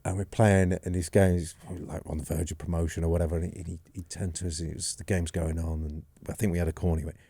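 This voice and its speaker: A man's voice: low-pitched, flat delivery, fast, gravelly, hardly any pauses, warm tone, husky, no echo. A man in his forties, a podcast guest, telling long self-deprecating anecdotes in casual chat. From England. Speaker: podcast guest, former goalkeeper. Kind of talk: casual storytelling.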